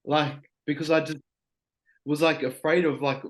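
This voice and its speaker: A man's voice: fairly high pitch, flat delivery, moderate pace. A young man guest talking casually and openly, peppering his speech with "like" and frequent swearing. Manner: loose, heavy on "like" and swearing. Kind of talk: casual podcast chat.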